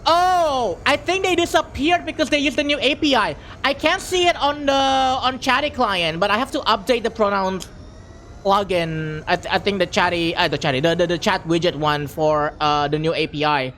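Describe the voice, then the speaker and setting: A young adult streamer chatting casually with viewers, excitable, laughing often and stumbling over repeated words when flustered. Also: mid-range voice, normal speed, a little hiss or hum. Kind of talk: casual live-stream chat.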